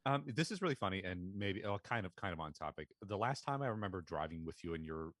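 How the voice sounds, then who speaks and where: A man from Pennsylvania with an American accent, co-hosting a podcast in relaxed, rambling casual chat full of fillers. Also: low voice, fast, no echo. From Pennsylvania, USA. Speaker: podcast co-host.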